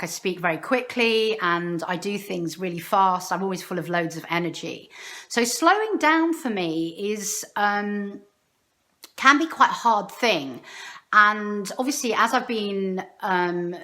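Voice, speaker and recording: A middle-aged woman, a meditation teacher, talking casually and expressively about a spiritual experience, shifting between quick bursts and slow, airy emphasis. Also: on the low side, a bit bright. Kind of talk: casual spiritual talk to camera.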